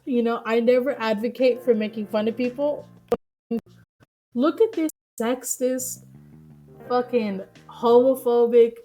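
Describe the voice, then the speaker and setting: A woman streamer with a high-leaning voice and dark tone reacts live to news stories, ranting heatedly with lots of swearing and laughter. The stream audio is choppy.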